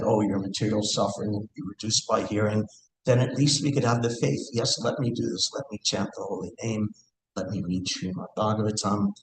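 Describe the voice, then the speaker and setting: A man giving a scripture class in a temple hall, speaking earnestly and thinking aloud, with hesitations and recited verse. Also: fairly low pitch. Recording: echoey room, faint background hiss.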